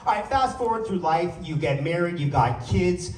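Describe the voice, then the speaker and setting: Guy doing standup, high voice jumping all over, kinda distant from the mic. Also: moderate pace, slight background noise. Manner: animated, playful crowd work. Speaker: stand-up comedian. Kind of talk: stand-up comedy set. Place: comedy stage before a live audience. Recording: roomy sound from a distant mic.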